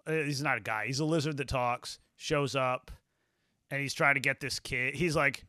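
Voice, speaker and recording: Bright, crisp-voiced man rambling casually. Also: medium pitch, fairly quick, dry recording, studio quality. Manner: profane, rambling, acts out scenes in quotes. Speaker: podcast host. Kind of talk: casual chat.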